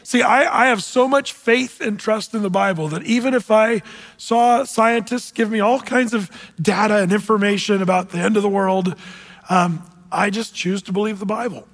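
A man giving an informal sermon as a pastor, halting in his talk and slowing down to read scripture deliberately. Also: high-pitched, fairly even intonation, a bit bright, in a large hall. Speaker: pastor giving a prophecy update.

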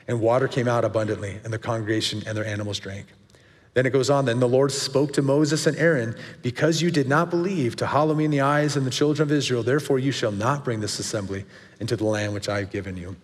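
A male guest pastor preaching earnestly to a men's group. He asks a lot of questions and lifts his pitch sharply for emphasis. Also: steady tone, fast, big-room sound.

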